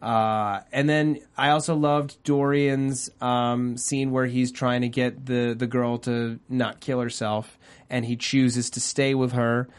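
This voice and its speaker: A man's voice: mid-range voice, little pitch movement, slow pace, clear, resonant tone. Joking male show host. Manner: joking, puts on goofy voices. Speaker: podcast host. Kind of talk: casual chat about a TV show.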